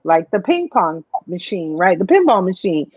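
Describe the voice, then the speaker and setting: A middle-aged woman, a radio show guest, telling stories in a lively way and calling her listener honey. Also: on the low side, normal speed, husky, no echo, dull audio. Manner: animated storyteller, calls the listener honey. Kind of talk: casual radio conversation.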